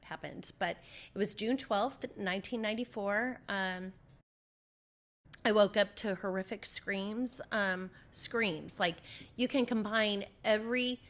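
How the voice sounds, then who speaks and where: A woman from Southern California, an interview guest recounting a personal story, animated and acting out what people said. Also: medium pitch, measured pace. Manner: animated storyteller, acts out her own quotes.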